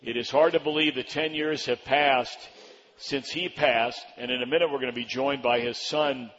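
A man's voice: medium pitch, fairly even intonation, normal speed, fairly bright tone, in a large hall, lo-fi sound. A man hosting a live radio talk show, chatty and prone to stammering restarts. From Virginia Beach, Virginia. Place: live event venue with crowd.

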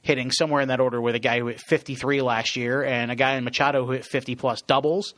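A man's voice: mid-range voice, flat delivery, fast talker, fairly bright tone, no room sound. A man co-hosting a casual sports podcast, rattling off player stats and chuckling at himself. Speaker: podcast co-host.

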